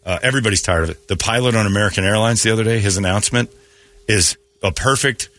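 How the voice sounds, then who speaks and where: A man's voice: fairly low pitch, quick pace, a bit bright, no echo. A man hosting a morning radio show, ranting bluntly and joking in opinionated banter.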